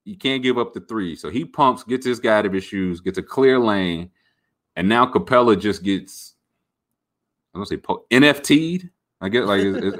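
A man hosting a podcast, rambling about sports in an animated, jokey way. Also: lowish voice. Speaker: podcast host. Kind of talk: casual sports talk.

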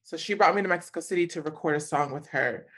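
A woman from California telling a story in a casual, animated way, full of slang and frequent laughter. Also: deep voice, quick pace. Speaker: guest.

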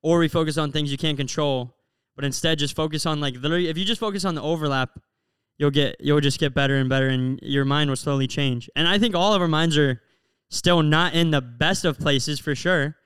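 A man's voice: a little high, fairly quick, fairly bright tone, clean tone, no room sound. A young man from Florida co-hosting a podcast, telling stories in an open, earnest way with lots of "like". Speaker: podcast co-host. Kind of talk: casual chat.

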